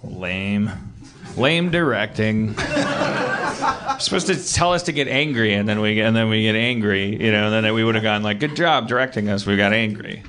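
A man's voice: on the low side, expressive, normal speed, fairly bright tone. A man hosting a live comedy show, rambling and joking ironically with his co-performer. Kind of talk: improv comedy banter.

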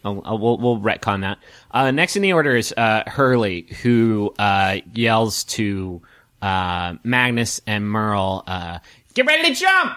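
A man's voice: lowish voice, slow, a bit bright, clear, resonant tone, no echo. A man narrating as game master of a tabletop game, hesitant, with many fillers.

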